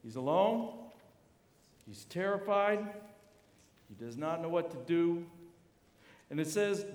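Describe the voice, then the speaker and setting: A man, a university chaplain, preaching a sermon with animated storytelling, acting out the voices of the people in his story. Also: fairly high pitch, takes it slowly, pauses often. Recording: echoey hall.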